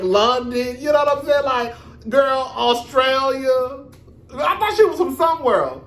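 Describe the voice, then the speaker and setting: A man hosting his own reality TV review vlog, talking in a sassy, animated, profane gossip style with drawn-out emphasis. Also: sits high, echoey room. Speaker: reality TV reviewer, show host. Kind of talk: casual commentary vlog.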